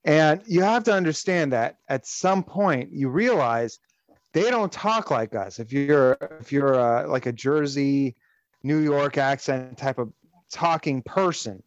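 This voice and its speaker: A man's voice: on the high side, dry recording, lo-fi sound. A man hosting a casual podcast chat, ranting animatedly and profanely with frequent restarts. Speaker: podcast host.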